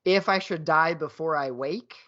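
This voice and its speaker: A man in his thirties, speaking in a somewhat high, loose and jokey register, laughing through a casual podcast chat. The audio is a little dull and lo-fi. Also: moderate pace, bright, forceful tone. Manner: laughs often, jokey, puts on a booming game-show voice at times. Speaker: podcast co-host.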